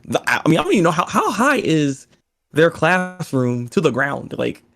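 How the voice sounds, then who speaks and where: Gravelly, stammering man co-host. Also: a little high, wildly swooping pitch, normal speed, background noise. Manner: stammering, repeats words, laughs often. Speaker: podcast co-host. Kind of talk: casual chat.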